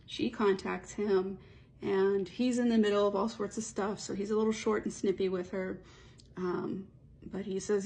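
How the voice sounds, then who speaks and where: A woman's voice: medium pitch, fairly even intonation, a little slow, vocal fry, darkish tone. A woman casually telling a story in a rambling, chatty way, stringing events together with run-on phrases. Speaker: storyteller pitching a movie idea.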